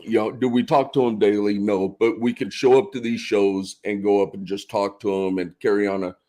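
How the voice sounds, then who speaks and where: A man's voice: fairly low pitch, steady tone, brisk, warm tone. A man co-hosting a casual podcast, chatty and agreeable, often repeating himself. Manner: chatty, frequent yeahs and repeats. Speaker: podcast co-host.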